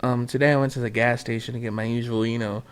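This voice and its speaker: A man's voice: medium pitch, level tone, fast, smooth. A man co-hosting a casual podcast chat, who laughs often and swears freely. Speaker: podcast co-host.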